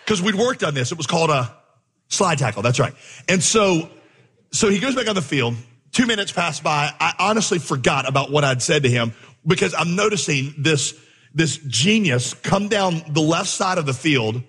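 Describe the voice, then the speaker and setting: A man preaching a sermon, telling a story with lively acted-out dialogue before turning to the message. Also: on the high side, a little fast, husky. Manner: animated storyteller, acts out dialogue. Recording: long hall reverb.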